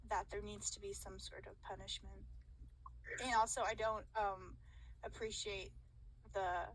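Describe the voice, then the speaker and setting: A woman playing the wronged party in a casual mock trial over voice chat, halting and hesitant as she talks, often stifling laughter. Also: medium pitch, a little hiss or hum, low-quality recording.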